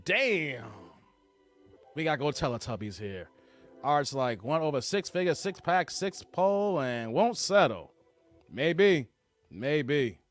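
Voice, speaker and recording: A man hosts a live stream, laughing and teasing while he reads the chat. His voice sits fairly high and swings widely in pitch. Faint music plays behind him. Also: big pitch swings, takes it slowly. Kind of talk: casual live stream commentary.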